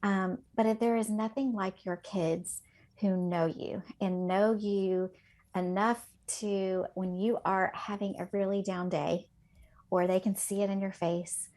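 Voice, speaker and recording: A woman's voice: mid-range voice, steady tone, unhurried, darkish tone. A woman teacher co-hosting a podcast who tells heartfelt classroom stories in a chatty way, with many fillers. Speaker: elementary teacher, podcast co-host. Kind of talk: casual podcast chat.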